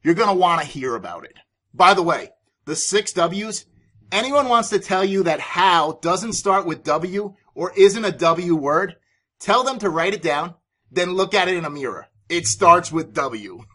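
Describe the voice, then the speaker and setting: A man's voice: sits high, expressive, a little slow, sharp tone. A man hosting a business podcast, giving sales advice in an emphatic, authoritative way. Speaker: podcast host and sales coach.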